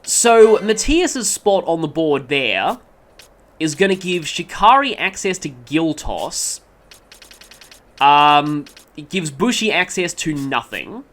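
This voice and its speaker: A man's voice: on the high side, sing-song, takes it slowly, fairly bright tone, slight background noise. A man giving casual gameplay commentary, rambling along with frequent ums and stopping to correct himself mid-sentence. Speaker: let's play commentator.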